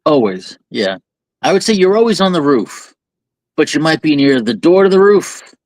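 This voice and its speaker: A man's voice: on the high side, very animated, moderate pace, darkish tone, no echo. A man co-hosting a candid podcast, talking reflectively and building extended metaphors. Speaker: podcast co-host. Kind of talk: candid conversational talk.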